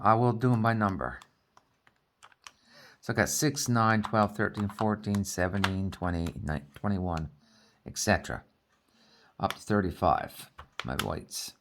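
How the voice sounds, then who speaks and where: A woman from Newfoundland with a Newfoundland accent, chatting casually with her viewers while crafting at home and laughing often. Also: very deep voice. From Newfoundland, Canada. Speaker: crafting vlogger.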